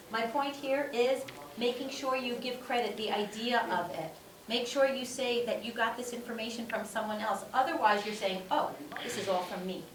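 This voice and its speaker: A woman with a fairly high voice lectures a class. She repeats her key points and keeps checking in with "okay?". She was recorded from a distance in an echoey classroom with faint background noise. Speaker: teacher.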